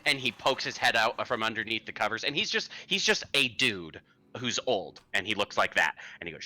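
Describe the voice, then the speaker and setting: Brief: male game master, very bright, animated, rambling narration. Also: lowish voice, brisk, no room sound.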